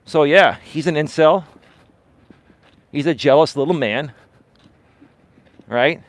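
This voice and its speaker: A man hosting a live coaching stream, working as a life and dating coach, gives an unscripted monologue with a dismissive, emphatic edge, repeated words for stress, and lots of "right?". His mid-range voice moves at a measured pace with long pauses, and there's no room sound.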